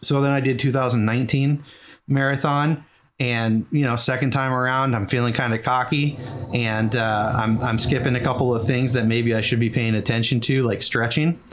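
A man's voice: mid-range voice, steady tone, normal speed. A middle-aged man from New England telling a long personal story as an interview guest, earnest and rambling with many fillers. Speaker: guest, charity marathon runner.

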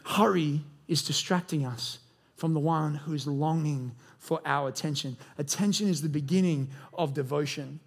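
A young man preaches with a fairly high voice, lively and animated. He keeps slipping into quick acted-out voices to bring his stories to life. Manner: animated, acts out voices in quotes. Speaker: pastor. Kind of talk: sermon.

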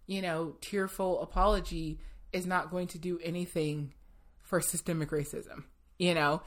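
A woman guest in an interview, talking casually and animatedly, laughing as she tells a story and quoting people in a raised voice. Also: on the low side. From Seattle area, USA.

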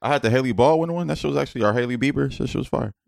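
A man co-hosting a podcast in casual chat, talking in quick slang and swearing freely. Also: medium pitch, gravelly, dry recording, studio quality. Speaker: podcast co-host.

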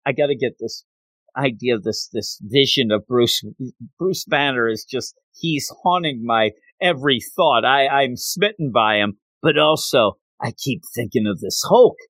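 A man's voice: medium pitch, lively intonation, unhurried, a bit bright, dry recording. A man doing a dreamy troubled young woman.

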